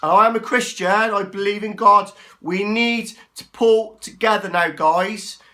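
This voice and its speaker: A man, ranting angrily to the camera from his small flat. He swears constantly and keeps tossing in "yeah?" and "right?". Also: sits high, measured pace. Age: 40s. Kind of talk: angry rant to camera.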